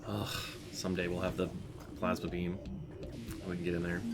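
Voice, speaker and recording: A man's voice: low-pitched, completely flat delivery, moderate pace, heavy background noise. A man streaming a game, chatting casually, reading chat aloud and muttering to himself. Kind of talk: casual gameplay commentary. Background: game music.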